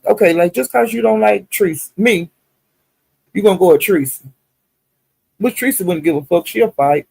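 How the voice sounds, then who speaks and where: A woman's voice: mid-range voice, creaky, mellow, slightly rough, dry recording. An older woman with a Southern US accent, hosting a live stream and ranting in a profane, indignant, emphatic way. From Southern United States. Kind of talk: casual live-stream rant.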